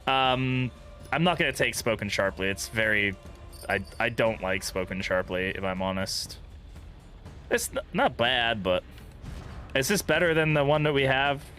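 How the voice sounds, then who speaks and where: Young man, gaming streamer, casual and profane, laughs a lot, bright voice, faint music behind. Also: mid-range voice, lively intonation, a little slow. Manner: chatty, profane, laughs often. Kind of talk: casual let's-play commentary.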